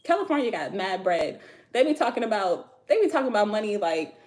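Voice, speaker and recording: Very animated and a little quick, this American woman's medium-pitched voice has a darkish tone. She runs a relaxed tarot livestream from home, using slangy talk with her viewers and laughing often.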